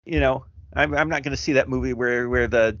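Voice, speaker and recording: A middle-aged man chatting casually, reflective and halting with many restarts. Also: medium pitch, steady tone, fairly bright tone, no echo. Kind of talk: casual chat. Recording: dry dull lo-fi sound.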